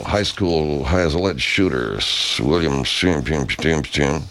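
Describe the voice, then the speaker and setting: A low-voiced man rambles through loose comic talk. His pitch jumps around a lot, and he drops crude, jokey asides as he goes. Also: lively intonation, a little slow, few pauses, background noise.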